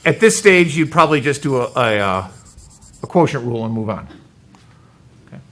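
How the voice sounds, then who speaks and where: A man's voice: medium pitch, sing-song, normal speed, fairly bright tone. A male math teacher lecturing a class, quizzing students with upbeat joking asides. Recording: echoey classroom, mic far off.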